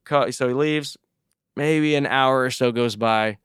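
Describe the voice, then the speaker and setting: Smooth-voiced man telling a story. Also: medium pitch, unhurried, a bit bright, dry recording, clean studio sound. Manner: loose, profane storyteller with lots of "like" and "dude". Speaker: podcast host. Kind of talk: casual chat, storytelling.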